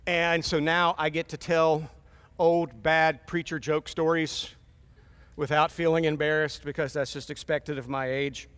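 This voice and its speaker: A man's voice: fairly high pitch, level tone, measured pace, fairly bright tone, clear, resonant tone. A man in his fifties preaching a sermon in a conversational, storytelling way with wry asides. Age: 50s.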